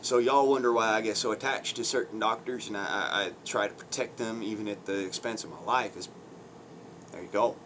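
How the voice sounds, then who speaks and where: A man's voice: on the low side, fairly even intonation, fairly quick, a bit bright, slight background noise. A man ranting on his own channel in blunt, crude, mocking commentary, swearing heavily, using folksy slang and laughing between points. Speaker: vlogger.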